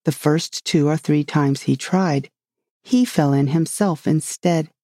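An audiobook reader narrating a storybook calmly and evenly. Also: medium pitch, takes it slowly, no room sound, studio quality. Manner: calm, even storytelling.

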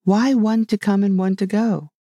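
A curious, well-mannered young girl from a storybook, as a man reads her, lifted higher than his own voice and eager in tone. There is still a slight gravel underneath, and the sound is dry and close. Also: steady tone, normal speed, dark tone, no echo. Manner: eager, polite. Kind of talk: storybook reading.

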